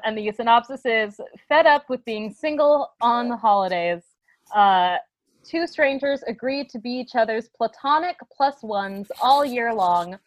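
Woman, high voice, dry close sound, chatty podcast co-host, giggly. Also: no room sound. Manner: chatty, giggly, reads synopsis aloud. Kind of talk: casual movie review chat.

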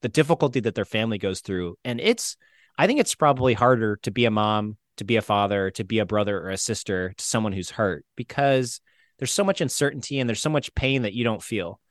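A man from Florida, an injured veteran, telling his story as an interview guest in a casual, animated way, acting out the quotes. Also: lowish voice, a little fast, dry recording, studio quality. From Florida, United States. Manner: animated, acts out quotes with shifts in voice.

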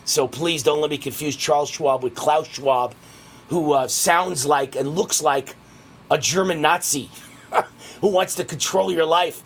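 A man hosting a political talk radio show, delivering a rapid, heated ranting monologue. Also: a little high, slightly rough.

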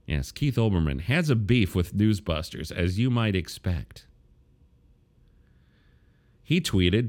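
A man's voice: deep voice, animated, slow, pauses often. A man hosting a podcast, delivering a political commentary monologue with wry, sarcastic asides. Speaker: podcast host.

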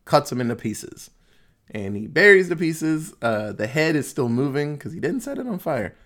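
A man's voice: a little high, sing-song, normal speed, a bit bright. A man casually recapping a movie plot in a loose, jokey way, swearing freely.

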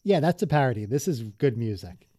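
A man's voice: mid-range voice, animated, fairly quick, mellow. A man in his thirties co-hosting a podcast, chatting casually about music with dry jokes. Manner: dry, joking, conversational. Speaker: podcast co-host.

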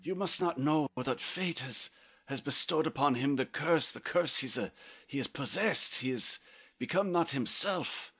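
A man voicing a wounded, terrified Frenchman who begs and stammers in a high voice. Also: expressive, a little slow, pushed and bright, husky, exaggerated voice. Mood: ominous. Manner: high frantic stammering pleas.

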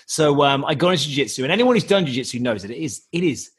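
A man's voice: mid-range voice, fast talker, husky. A young English man telling a story in a casual, jokey way, acting out the voices of the people in it. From England. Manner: animated, jokey, acts out quoted voices.

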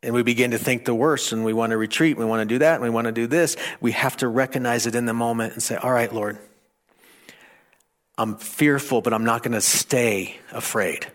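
A man preaching a sermon, stammering and repeating phrases, rising toward near shouting at times. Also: medium pitch, steady tone, brisk. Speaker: pastor.

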